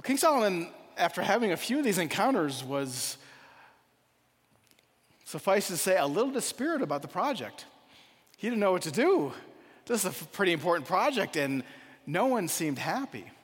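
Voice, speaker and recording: A man's voice: sits high, fairly bright tone, in a large hall. A man giving a sermon as a rabbi, telling a story and then reflecting on it earnestly.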